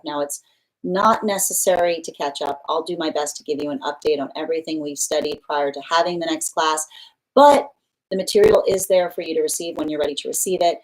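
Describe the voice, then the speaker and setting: A woman with a low-pitched voice hosts a live tarot reading. She is animated and laughs easily, plays out short back-and-forth exchanges, and leans on casual fillers and repetition to drive her point home. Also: poor audio. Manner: animated, laughs often, acts out quoted exchanges; casual fillers, repeats words for emphasis. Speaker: tarot reader.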